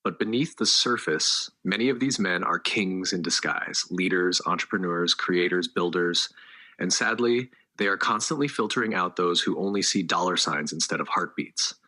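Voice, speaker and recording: A man with a very low voice narrates a scripted story, each line measured and dramatic. His delivery is hard-hitting and forceful.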